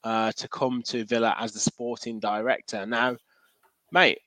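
A man's voice: medium pitch, flat delivery, unhurried, fairly bright tone, no room sound. Easygoing man, dry close sound. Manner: easygoing, laughs often, trails off with fillers. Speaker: podcast co-host. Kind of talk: casual football chat.

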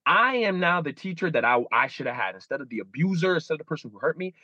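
Man, thirties, earnest, repeats himself, slightly high voice, dull dry sound. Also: very animated, quick pace, pushed and bright, no echo. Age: 30s. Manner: earnest, repeats and restarts, acts out inner voices. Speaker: interview guest. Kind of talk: emotional interview.

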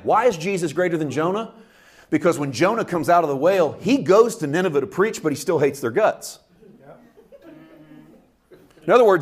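A man preaching a sermon from Canada, animated, swinging between loud outbursts and quiet asides as he acts out quotes. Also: husky. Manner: animated preaching with big swings in loudness and pitch, acting out quotes. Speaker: pastor.

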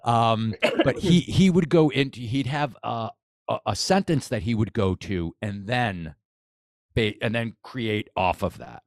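Speaking unhurriedly in a mid-range voice, a male boxing coach rambles enthusiastically through a casual podcast interview, often restarting his thoughts. The sound is dry and studio-clean.

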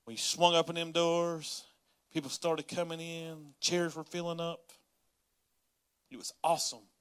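Pastor, male, bright, slightly high voice; folksy sermon delivery that swells into loud pleading. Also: flat delivery, a little slow, clear, resonant tone. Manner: folksy Southern-style preaching, rising to yelling in acted prayers.

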